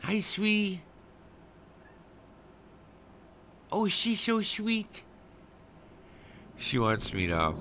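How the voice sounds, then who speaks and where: A middle-aged man streaming a game in casual commentary, swearing freely and breaking into mock rants. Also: low-pitched. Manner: profane, bursts into mock rants. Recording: steady background noise.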